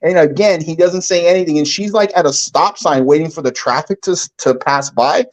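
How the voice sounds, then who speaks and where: Rambling, fairly high-voiced man telling a story. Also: a little fast, poor audio. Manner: rambling, filler-heavy, acts out quotes. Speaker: livestream guest. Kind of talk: casual chat, storytelling.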